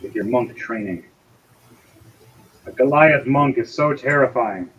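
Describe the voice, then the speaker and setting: A man's voice: mid-range voice, measured pace, fairly bright tone. A man narrating as game master in casual, profane table talk. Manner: casual, swears freely, voices figures briefly. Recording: slightly dull lo-fi audio, faint hiss.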